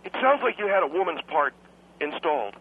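A man's voice: a little high, very animated, a little fast, husky. A young adult man calling in to a radio show, cheeky and rambling, stumbling over his words. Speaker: radio caller. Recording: tinny phone line.

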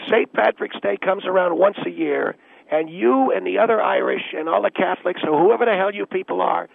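A man's voice: high-pitched, vocal fry, no echo, pitched above the performer's own voice, heavily acted. A man voicing a pushy, bigoted male station boss who barks orders impatiently over a call-in line on a comedy radio show. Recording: tinny phone line.

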